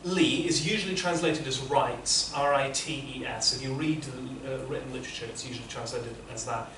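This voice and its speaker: A man's voice: mid-range voice, fairly even intonation, normal speed, fairly bright tone, slight background noise. A man teaching interpreting, giving patient, explanatory feedback to students in a classroom. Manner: patient, explanatory, many restarts. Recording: echoey classroom from far off.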